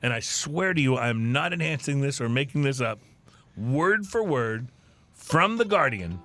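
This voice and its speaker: A man's voice: medium pitch, sing-song, unhurried, fairly bright tone, faint music behind. A man hosting a playful drinking-news segment on a podcast, reading stories with theatrical, punny delivery.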